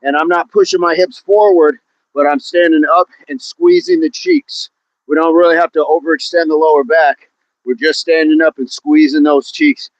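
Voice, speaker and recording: A man's voice: on the high side, expressive, moderate pace, no room sound, muffled recording. A man hosting a live outdoor workout on a hill, exercising as he talks, counting down reps and greeting chat viewers by name. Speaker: fitness livestream host.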